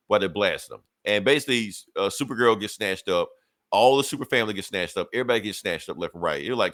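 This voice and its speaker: A man in a casual podcast chat, retelling a comic story and jumping into the characters' voices as he goes. His pitch swings widely, and the sound is dry and close with no room echo. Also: fairly quick. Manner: animated storyteller acting out quoted lines, profane. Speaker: podcast co-host.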